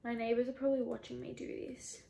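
A woman's voice: a little high, flat delivery, fast, creaky, mellow, slight background noise. Nervous young woman exclaiming in an echoey room. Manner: anxious, exclaiming, swearing. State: sweating, nervous. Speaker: vlogger. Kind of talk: casual vlog talk. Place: at home, in a room.

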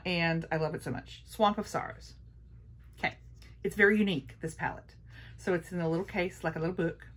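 A woman's voice: lowish voice, a bit bright. A woman chatting casually through a makeup haul, gushing and repeating her praise. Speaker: beauty vlogger.

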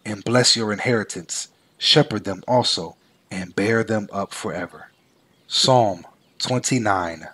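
A man giving a measured, solemn scripted reading of scripture. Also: on the low side, sharp tone, breathy edge. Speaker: scripture reader.

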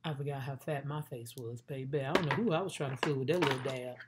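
A woman's voice: a bass voice, quick pace, very noisy. A woman vlogging her makeup routine in a playful, chatty way, talking straight to her viewers. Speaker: beauty vlogger. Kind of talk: casual makeup tutorial chat.

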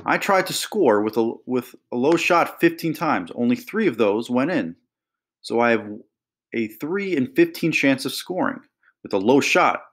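A man voicing an eager young boy who loves numbers, talking excitedly and explaining. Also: mid-range voice, unhurried.

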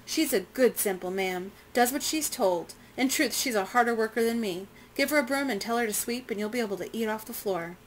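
A woman's voice: a little high, brisk, hardly any pauses, slight background noise, natural voice, poor audio. A woman reading the lines of an earnest young enslaved girl who speaks humbly.

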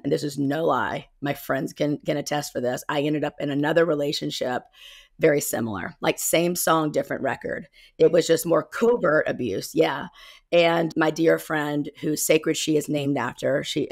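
A woman in her fifties from South Carolina, with a low voice and a Southern accent, joins a casual interview over a video call as a guest embodiment coach. Recorded in studio quality with no echo, she speaks candidly, rambles a little and corrects herself.

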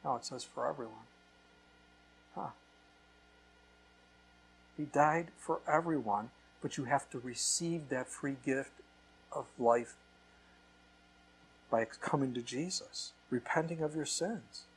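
A man's voice: mid-range voice, slow, gravelly, pauses often, a little hiss or hum. A man preaching a sermon as a pastor, quoting scripture and arguing through rhetorical questions. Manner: quotes scripture often, argues with rhetorical questions. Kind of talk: sermon Bible teaching.

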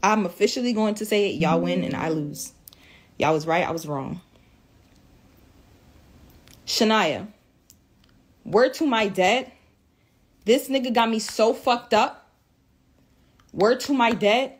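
A woman's voice: mid-range voice, slow, long pauses, husky. A tearful woman in a profane, repetitive vlog rant, swinging between shock and defiance after days of crying. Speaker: social media creator.

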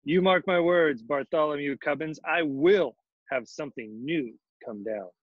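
Brief: bossy old storybook king, read aloud by a man, raised pitch, dry dull recording. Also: measured pace, no room sound. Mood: commanding. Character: grumpy demanding old male king.

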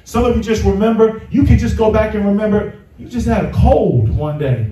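A man in his fifties, a pastor preaching a sermon and telling a lively story, chuckling and acting out the people in it. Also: high voice, brisk. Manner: animated, chuckling storyteller who acts out dialogue. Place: church sanctuary. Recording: roomy hall, voice from a distance.

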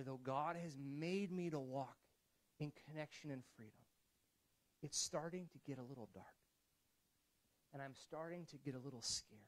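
A man's voice: medium pitch, poor audio. Conversational man preaching a sermon. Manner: conversational, restarts often, swings from quiet to emphatic. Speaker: pastor. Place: church.

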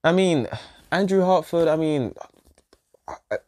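A man with a fairly high, mellow voice rants animatedly and a bit slowly through a show review. He's exasperated and sweary, repeating himself and letting sentences trail off into sighs.

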